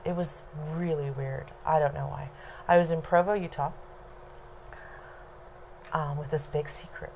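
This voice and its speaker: A woman telling a personal story to a small audience at home, unhurried and low-key, with laughs between lines. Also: fairly even intonation, darkish tone, a little hiss or hum.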